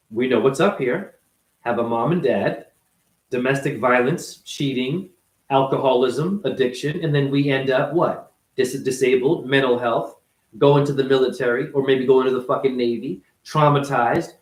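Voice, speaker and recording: A man's voice: medium pitch, moderate pace, reverberant, poor audio. A man, a former ballet dancer, delivering an unscripted, blunt and profane monologue in his apartment.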